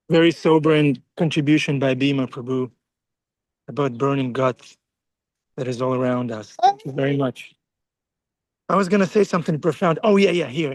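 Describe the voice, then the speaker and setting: A man's voice: fairly high pitch, no echo, low-quality recording. A man moderating an online class, thanking speakers and handing over the turn. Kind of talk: casual moderating.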